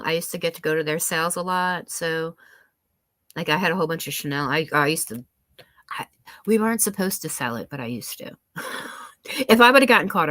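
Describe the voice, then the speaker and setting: A woman chatting on her own live stream, rambling with a steady run of "um"s, "like"s and restarted sentences. Her voice sits a little low, her nose sounds slightly stuffy, and the sound is close and dry, with no room echo. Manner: rambling, many fillers and restarts. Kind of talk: casual chat.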